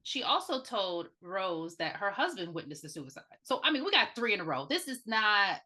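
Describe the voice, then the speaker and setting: A woman co-hosting a podcast, chatting casually about a movie and throwing in quick questions. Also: medium pitch, sing-song, sharp tone. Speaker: podcast co-host. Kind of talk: casual movie recap chat.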